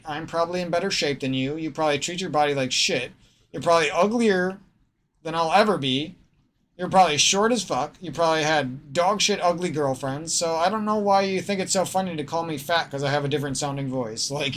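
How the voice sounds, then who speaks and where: A man's voice: fairly high pitch, fairly bright tone, a little hiss or hum. A man with a slightly nasal Midwestern American accent, ranting in a rambling, profane gaming vlog and cutting himself off mid-sentence. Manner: profane, rambling, self-interrupting. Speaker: gaming streamer.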